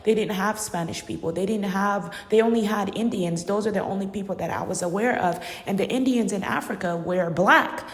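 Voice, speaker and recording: A woman's voice: mid-range voice, fairly quick, hardly any pauses. Emphatic woman in an echoey room. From Uganda. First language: not English. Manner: emphatic, repeats phrases for stress. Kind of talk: personal monologue. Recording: echoey room with long reverb.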